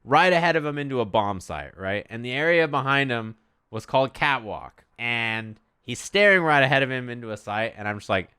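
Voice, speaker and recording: A man's voice: mid-range voice, lively intonation, moderate pace, sharp tone, smooth. A man streaming, chatting casually and animatedly, swearing freely and acting out quotes.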